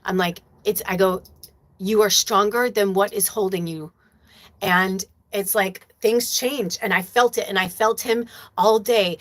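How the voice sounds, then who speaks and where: Woman medium on a livestream, swears a lot, gets teary telling stories, mid-pitched voice. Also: fairly even intonation, unhurried. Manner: emotional, profane storytelling; reads viewer comments aloud. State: tearful at times. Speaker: spiritual medium, livestream host. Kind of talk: casual livestream chat.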